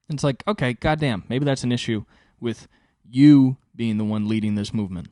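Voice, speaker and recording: A young man hosting his own podcast, telling a rambling story in casual, profane storytelling with sudden jumps in pitch for emphasis. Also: quick pace, no room sound, studio quality. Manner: animated, swears freely, pitch jumps high for emphasis. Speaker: podcast host and stand-up comic.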